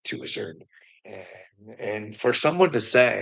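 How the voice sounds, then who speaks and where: A middle-aged man rants in a gravelly, tense voice, swearing freely and breaking into laughter. He taunts someone he calls "bud". His tone stays sharp and edgy. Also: mid-range voice, normal speed. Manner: taunting, addresses the listener as bud. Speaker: vlogger. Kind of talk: profane ranting monologue.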